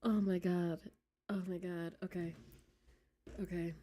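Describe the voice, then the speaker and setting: A woman's voice: lowish voice, little pitch movement, a little slow, mellow, a little hiss or hum. A woman streamer reading a game aloud, giggly and flustered, dropping into whispers as she reads.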